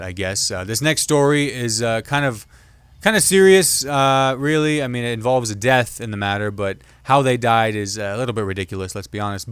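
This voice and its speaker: Male comic host, loose jokey delivery, lowish smooth voice, dry close sound. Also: fairly bright tone, dry recording. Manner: chatty, jokey, mimics others in quick asides. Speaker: podcast host and comedian. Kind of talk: casual solo commentary.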